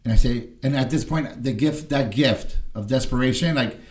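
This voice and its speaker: A man's voice: mid-range voice, moderate pace. A man telling an emotional personal story as a podcast guest, rambling and blunt, often tagging "right?" onto his sentences. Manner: swearing, blunt.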